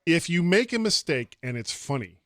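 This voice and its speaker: A man's voice: fairly high pitch, very animated, normal speed, no room sound. Dry-voiced joking podcast co-host, a man. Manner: joking, laughs at his own gags. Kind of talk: casual podcast banter.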